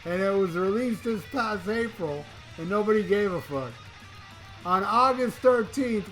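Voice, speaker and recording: A man's voice: high-pitched, fairly bright tone. A man giving casual rock news commentary as a YouTuber, profane and mocking, often chuckling.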